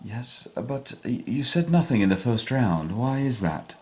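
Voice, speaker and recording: A man's voice: mid-range voice, very animated, unhurried, darkish tone, a little hiss or hum. A man voicing an unflappable British officer with a put-on posh British accent, pompous and understated. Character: stiff-upper-lip British officer, unflappable.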